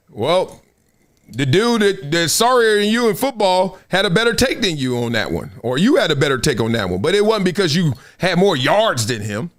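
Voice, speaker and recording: Animated, high-voiced male sports talk host. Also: normal speed. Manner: animated, storytelling, slips into voices of others; casual slang, laughs often. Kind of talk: live sports talk commentary.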